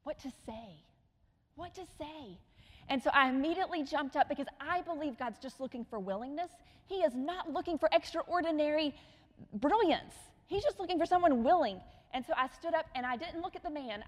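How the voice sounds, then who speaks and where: A middle-aged woman with a fairly high voice tells stories in a sermon and acts out the lines of the people in them. Now and then she drops to a hushed tone. Her voice rings out in a hall with a long echo. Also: brisk. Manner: storytelling with acted quotes, dropping to hushed tones. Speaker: missionary speaker. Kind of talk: sermon storytelling.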